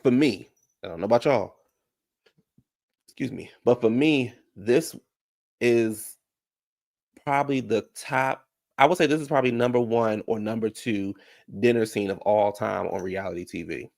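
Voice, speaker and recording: A man's voice: fairly low pitch, moderate pace, vocal fry, long pauses, a little mellow. A man giving a casual, blunt recap of a reality TV episode, chatty and full of asides. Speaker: reality TV commentator.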